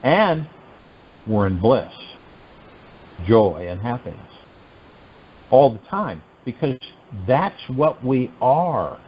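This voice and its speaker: A man hosting a meditation call, giving a spiritual teaching talk in an animated, musing way full of rhetorical questions. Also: mid-range voice, takes it slowly, pauses often, breathy edge, highs cut off. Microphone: telephone conference line.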